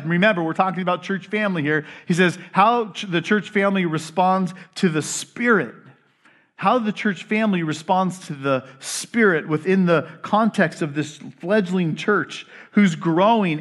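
High-voiced man preaching with animated intensity. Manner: animated, voices the people and Paul with rising intensity. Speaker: pastor. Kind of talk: sermon.

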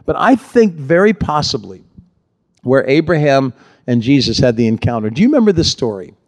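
A man preaching a sermon, animated, acting out the voices in the scripture he reads. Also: medium pitch, a little fast. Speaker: pastor.

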